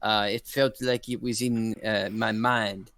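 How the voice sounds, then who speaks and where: A man's voice: on the low side, flat delivery, a little slow, vocal fry, a bit bright, dry recording. A man playing a tabletop game, speaking hesitantly with many ums and uhs. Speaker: player.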